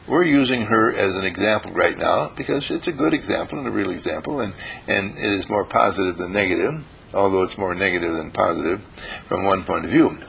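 Gravelly man giving a slow spiritual talk. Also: low-pitched, expressive, a bit bright, slight background noise, rough recording. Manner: slow, emphatic and repetitive. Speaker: spiritual teacher.

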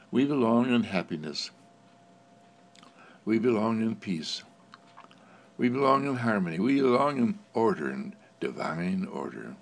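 A man giving an inspirational spiritual talk, with a gentle, repetitive, affirming cadence, often breaking into laughter. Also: mid-range voice, gravelly. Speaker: spiritual speaker.

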